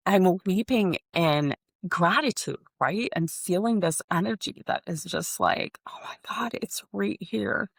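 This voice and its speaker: A woman's voice: lowish voice, unhurried, vocal fry, few pauses, no echo, clean studio sound. A middle-aged woman talking to her listeners in a casual, emotional, rambling monologue, full of "like" and "you guys". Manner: rambling with many "like" fillers and restarts. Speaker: podcast host.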